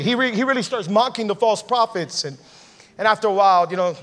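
A male pastor preaching a casual, energetic sermon, often repeating words and acting out the quotes he tells. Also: sits high, quick pace. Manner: builds from quiet to shouting intensity.

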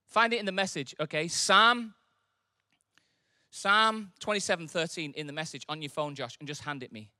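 Brief: male pastor with a very bright voice and a fairly high pitch. Conversational sermon delivery with impassioned swells. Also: normal speed, dry recording, clean studio sound.

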